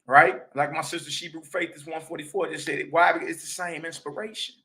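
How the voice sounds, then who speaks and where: A man's voice: fairly high pitch, brisk, gravelly, sharp tone, low-quality recording. A man giving emphatic, preachy commentary on a video clip and talking straight to his listeners. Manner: emphatic, addresses listeners directly. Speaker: commentator reacting to clips.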